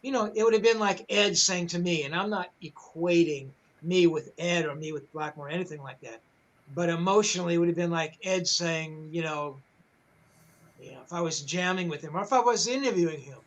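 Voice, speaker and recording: A man's voice: high voice, normal speed, poor audio. An older man, a rock journalist, telling a backstage story in casual, rambling talk, full of swearing, fillers and restarts.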